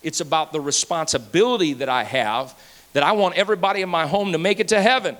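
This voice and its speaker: Animated high-voiced man preaching in a hall. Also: fast talker. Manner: animated, rhyming and playful, swings between loud and hushed. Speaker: pastor. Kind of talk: sermon. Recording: hall reverb.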